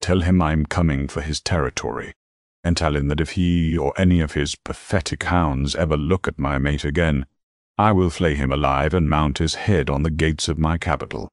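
A deep, dry-voiced werewolf alpha king, as a male storyteller puts him on, threatening in a slow, deliberate murmur. A ruthless adult male figure from a spoken fantasy story. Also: fairly even intonation, dry recording. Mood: cold menace.

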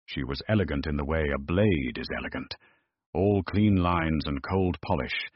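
A man narrating a scripted period story in a measured, deliberate way. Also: very deep voice, breathy edge, no room sound. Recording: dull, dry close recording.

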